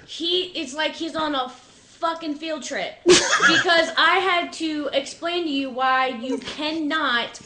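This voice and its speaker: High-voiced teasing woman. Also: takes it slowly, noisy background. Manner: teasing, dry jokes. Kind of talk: casual group banter.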